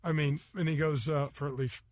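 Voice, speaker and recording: A middle-aged man hosting a golf show, telling stories in animated, casual chat, acting out voices and laughing often. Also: a little high, brisk, dry recording, clean studio sound.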